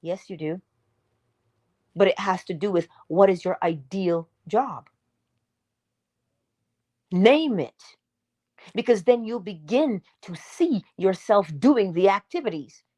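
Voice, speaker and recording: In a low voice, a woman gives an emphatic motivational morning talk as an inspirational speaker. She's animated and preacherly, moving from loud bursts to hushed asides and putting rhetorical questions straight to her listeners.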